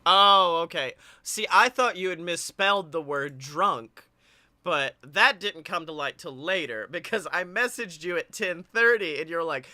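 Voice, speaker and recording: Podcast co-host: man, high and very bright voice, animated storyteller. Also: unhurried, no echo. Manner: animated storyteller, acts out quotes, laughs often. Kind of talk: casual chat.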